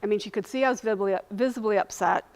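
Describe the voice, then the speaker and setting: A woman's voice: medium pitch, very fast. A woman speaking at a lunch talk, earnestly recounting a personal experience and acting out what people said. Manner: earnest, animated retelling, acting out quoted voices. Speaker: invited speaker sharing lived experience.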